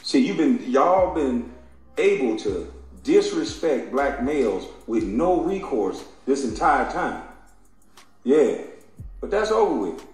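A man in a heated, profane rant, taunting and mocking with bursts of laughter, his voice sitting at an ordinary middle pitch. The sound rings around a very echoey room, and faint music plays underneath. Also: big pitch swings, slow, darkish tone. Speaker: commentator.

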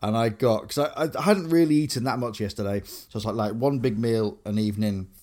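A young man with a fairly low voice chats loosely as a podcast co-host. He rambles, piles up fillers and restarts his sentences constantly. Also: fairly quick, darkish tone. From Grimsby, England. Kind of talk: casual chat.

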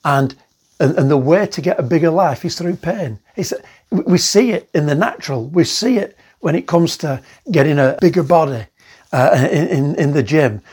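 Male pastor, husky, earnest sermon delivery with restarts. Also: fairly high pitch, animated, normal speed, a little mellow. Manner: earnest preaching with repetitions and restarts.

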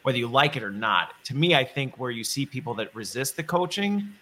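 A man with a bright, forward voice hosts a relaxed conversation. He thinks aloud as he goes, circling back and rephrasing his points before landing them. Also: mid-range voice, a little fast, slight background noise. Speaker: podcast host. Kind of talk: conversational interview.

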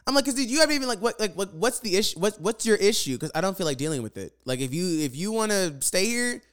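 A man's voice: high-pitched, sing-song, fast, a bit bright. A young man telling viewers a storytime rant about his roommate, exasperated and profane, repeating phrases for emphasis. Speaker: vlogger.

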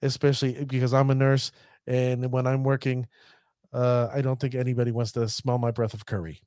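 A man hosting a casual podcast, talking like a showman with hype and drawn-out emphasis. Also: medium pitch, flat delivery, darkish tone, no echo, studio quality. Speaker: podcast host.

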